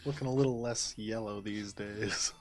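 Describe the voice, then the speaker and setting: A tabletop game player talks in a formal, stiff manner. The voice sits at a middle pitch. Faint music plays behind. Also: fairly even intonation, moderate pace. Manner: formal in-character speech.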